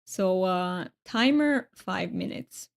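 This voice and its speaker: A woman's voice: lowish voice, expressive, slow pace, creaky. A woman chatting casually while streaming a game, laughing often and repeating her words as she goes. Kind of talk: casual live-stream chat.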